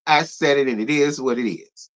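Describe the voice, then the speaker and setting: A man's voice: mid-range voice, normal speed, a bit bright. A man hosting a live review of a reality show, giving blunt, sassy and profane commentary, talking straight to his viewers and thanking donors. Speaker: reality TV recap host.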